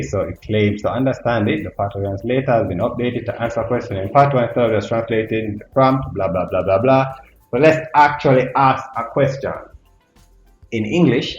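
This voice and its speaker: A man presenting a casual tech tutorial. He thinks aloud with curiosity and speaks to his viewers as "guys". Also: mid-range voice. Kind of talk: casual screen-recorded tutorial. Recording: echoey, dull lo-fi sound with faint music.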